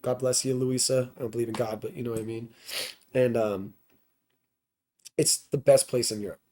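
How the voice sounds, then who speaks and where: A man's voice: mid-range voice, steady tone, moderate pace, mellow, slight background noise. A man guesting on a podcast, telling a tour story in a loose, profane, rambling way full of "like" fillers. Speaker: podcast guest, touring band musician. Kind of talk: casual storytelling.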